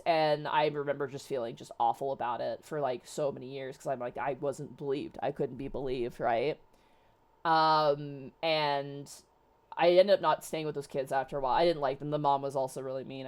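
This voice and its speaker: A young woman with a low voice tells a story in casual chat. She rambles, restarts her sentences and leans on filler words. She talks as a streamer host. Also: steady tone, normal speed.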